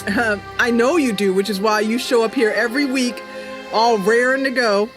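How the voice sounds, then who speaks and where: A woman's voice: a little high, steady tone, normal speed, over music. A woman chatting casually on a gameplay livestream, rambling with lots of fillers and answering chat messages. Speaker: streamer.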